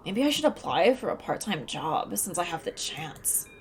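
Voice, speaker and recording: A young woman live-streaming a dating sim, commenting casually, reading lines aloud and breaking into high laughter. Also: sing-song, normal speed, slight background noise. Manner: giggly, bursts into high laughter. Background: faint game music.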